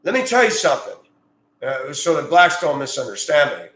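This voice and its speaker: A man's voice: a little high, sing-song, moderate pace. A man who drives a school bus, talking in a blunt, rambling, opinionated monologue. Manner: blunt, rambling, gets heated and loud. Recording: echoey room.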